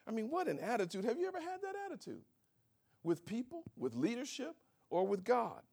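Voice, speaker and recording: A man's voice: very high voice, sing-song, fairly quick, gravelly, breathy edge. A man preaching a sermon, asking rhetorical questions, calling for amens and chuckling between points. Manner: swings from soft to shouting, rhetorical questions.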